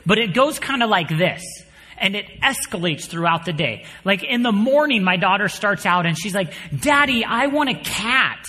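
A man in his thirties preaching a sermon, telling stories with animated energy and dropping to a quiet, earnest tone for his points. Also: sits high, moderate pace, big-room sound. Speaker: pastor.

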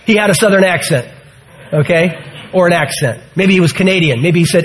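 A man's voice: high-pitched, a little fast, slight background noise, rough recording. A man in his sixties preaching a sermon, earnest and emphatic, full of rhetorical questions. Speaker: pastor.

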